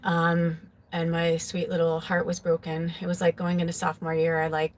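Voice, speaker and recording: Low-voiced woman telling a rambling confessional story. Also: monotone, normal speed, slight background noise. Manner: rambling, filler-heavy, with frequent "like"; emotional, confessional. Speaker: psychic tarot reader. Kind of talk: casual personal storytelling.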